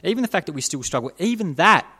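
A man preaching a sermon in a conversational, animated way, with playful asides. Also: on the high side, fast, slightly rough.

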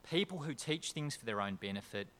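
A man with an Australian accent preaching a sermon as a pastor, moving between quiet storytelling and loud, emphatic points. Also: mid-range voice, animated, a little fast.

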